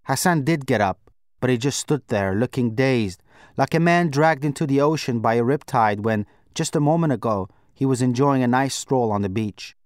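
Measured man reading a novel aloud. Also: mid-range voice, no room sound, studio quality. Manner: measured, reflective first-person telling. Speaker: audiobook narrator. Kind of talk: scripted narration.

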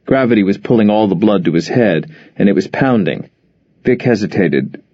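A man narrating an audiobook in a measured, even storytelling manner. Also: fairly low pitch, no room sound. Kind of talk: scripted narration. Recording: dull lo-fi dry recording.

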